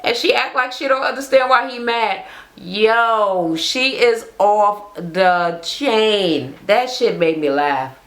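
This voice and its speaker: A woman recapping a reality TV episode as a vlogger, telling it in a blunt, profane, animated way. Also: medium pitch, slow pace. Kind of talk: casual ranting recap.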